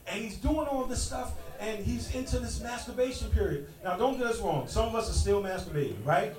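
Loud middle-aged man doing stand-up. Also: sits high, animated, brisk, hardly any pauses. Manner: loud, punchy, teasing the audience. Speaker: stand-up comedian. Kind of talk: stand-up comedy set. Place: stage in a club with a live audience. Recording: echoey club, distant mic, crowd noise. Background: audience laughing and clapping.

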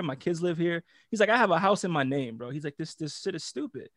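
A man with a fairly high voice tells a long story to friends, animated and profane, laughing between lines. The sound is close and dry, with no room around it. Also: fast talker, dry recording. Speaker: podcast co-host. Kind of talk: casual storytelling chat.

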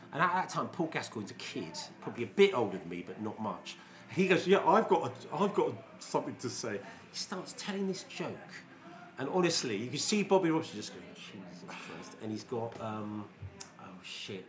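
A man in his fifties, co-hosting a podcast from a pub, telling casual anecdotes as a lively storyteller who swears freely. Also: medium pitch. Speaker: podcast co-host.

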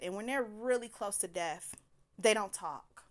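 A woman telling a personal story in a casual, animated way, laughing often and slipping into quoted voices. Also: medium pitch, measured pace.

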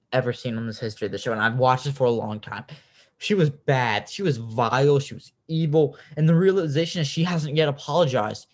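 A young man hosts his podcast in a loose, chatty monologue. His voice sits at an ordinary middle pitch. He is opinionated and blunt, swears freely, and leans on "like" constantly. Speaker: podcast host. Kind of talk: casual recap podcast.

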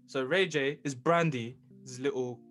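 A man's voice: medium pitch, unhurried, fairly bright tone, soft background music. Young joking man co-hosting a podcast. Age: young adult. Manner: joking, laughs a lot, slangy. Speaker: podcast co-host. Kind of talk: casual chat.

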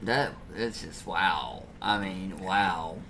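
A man's voice: low voice, slow, sharp tone, a little hiss or hum. A man in casual comedic banter, teasing and laughing often, with faint background ambience.

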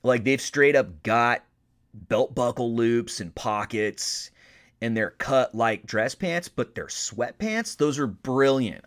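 An American man hosting a podcast, telling stories in a casual comedic monologue, animated and profane, jumping from loud excitement to mumbled asides. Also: medium pitch. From United States. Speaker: podcast host.

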